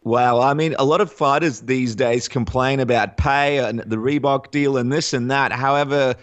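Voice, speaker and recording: A man's voice: medium pitch, steady tone, moderate pace. A man hosting a casual interview, upbeat, asking questions and reading fan questions. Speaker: podcast host.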